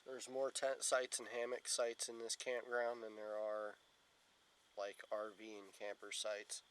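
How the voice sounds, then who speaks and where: A man's voice: lowish voice, completely flat delivery, a little slow, a bit bright, slight background noise, rough recording. A tired man talking casually to the camera from his tent at a campsite, rambling and yawning. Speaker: outdoors vlogger. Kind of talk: casual solo camping vlog.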